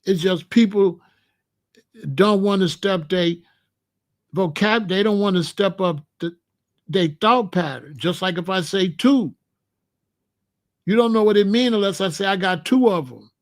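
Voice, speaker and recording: A man's voice: sits high, measured pace, long pauses. A man hosting a livestream, lecturing viewers in chat in a preachy, repetitive way. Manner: preachy, lecturing, repeats phrases. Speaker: host.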